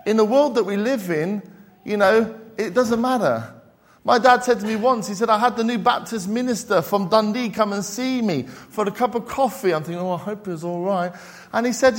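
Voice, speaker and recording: A man preaching a sermon in an earnest, searching way. His voice sits high for a man, and he keeps turning to the congregation with questions. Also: fairly quick. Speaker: pastor.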